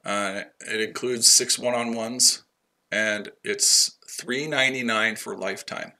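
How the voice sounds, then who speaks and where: A man's voice: lowish voice, steady tone, unhurried, sharp tone. A man hosting a trading livestream, brash and profane, chatting to viewers by name and trash-talking rivals. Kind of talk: casual livestream chat.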